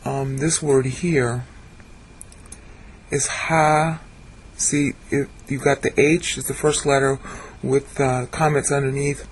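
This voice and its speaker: A man giving a screen-share Bible lesson, sounding out Hebrew and Greek words slowly and correcting himself as he goes. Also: mid-range voice, little pitch movement, breathy edge. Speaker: Bible teacher.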